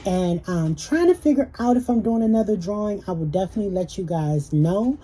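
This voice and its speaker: A woman's voice: medium pitch, animated, fairly quick, mellow, slightly rough, low-quality recording. A young woman, chatting with viewers in a casual Q&A vlog and telling stories. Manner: chatty, storytelling, addresses viewers as y'all. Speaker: YouTuber.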